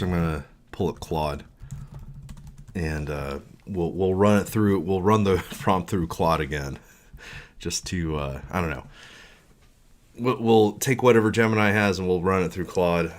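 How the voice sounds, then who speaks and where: A man talking casually on a live coding stream, rambling through his thoughts with many fillers and restarts. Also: deep voice.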